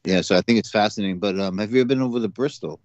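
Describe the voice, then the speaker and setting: A man's voice: on the low side, very fast, darkish tone, no echo, dull audio. A man hosting a casual chat, rambling with lots of fillers and restarts. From United States.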